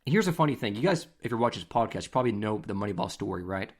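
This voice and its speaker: A man hosting a podcast, telling stories in a casual, animated, conversational way. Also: fairly low pitch, racing. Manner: animated, conversational, acts out scenes. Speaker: podcast host. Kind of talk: casual storytelling.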